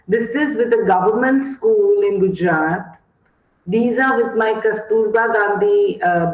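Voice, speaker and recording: A woman's voice: mid-range voice, a little mellow. A woman from India with an Indian English accent, giving an online teacher training talk and telling classroom stories with many fillers. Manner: slow, storytelling, many fillers. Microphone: video call. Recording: echoey dull video call audio.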